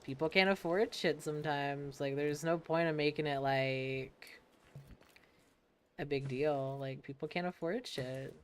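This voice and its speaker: A woman's voice: low-pitched, steady tone, unhurried, a little hiss or hum. A young woman from the United States, streaming a game and casually telling stories, laughing and swearing as she acts out other people. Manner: laid-back, swears freely, laughs often, acts out quoted people. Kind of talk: casual storytelling while gaming.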